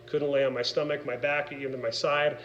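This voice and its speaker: A middle-aged man talks candidly to camera in a personal vlog, earnest and rambling, full of fillers and restarts. His voice sits at an ordinary mid pitch. The audio is a little dull and lo-fi, with a faint hum of room ambience behind him. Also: flat delivery, a little fast, a bit bright. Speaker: vlogger, former wrestler and gym owner.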